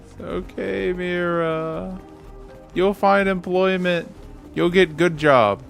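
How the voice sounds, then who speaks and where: A man's voice: high-pitched, slow pace, creaky, faint music behind. A man streaming a video game, chatting casually with viewers and swearing at the game when it goes wrong. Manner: animated, swears at the game and laughs. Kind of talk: casual gaming stream chat.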